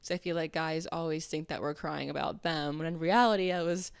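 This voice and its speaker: Chatty young woman with a smooth voice. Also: low voice, fairly even intonation, brisk, no echo. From Arizona, US. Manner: chatty and candid, heavy "like" filler, acts out quoted people. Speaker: podcast host. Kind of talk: casual solo podcast monologue.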